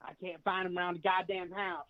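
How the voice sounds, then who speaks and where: A man on the phone, angry and swearing as he talks. His voice sits high for a man. The line is dull and muffled, like a cheap phone call. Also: flat delivery, a little fast. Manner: furious and profane. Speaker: prank call recipient.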